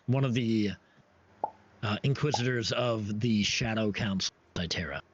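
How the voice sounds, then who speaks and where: A man narrating as game master for a tabletop game, halting and full of restarts. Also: on the low side, a little hiss or hum. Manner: halting, many restarts and fillers. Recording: dull lo-fi stream audio.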